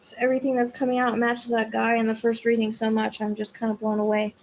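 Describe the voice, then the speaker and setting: A woman's voice: on the high side, monotone, quick pace, a little mellow, slight background noise. A woman hosting a psychic livestream, chatting with her viewers in a casual way. She sounds tired and drained, and she rambles, restarts her sentences and trails off.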